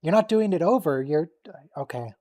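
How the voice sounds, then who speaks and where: A man's voice: a little high, expressive, mellow. Joking man hosting a watch-along. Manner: joking, quick to react and tease. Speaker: stream host. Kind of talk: casual watch-along chat.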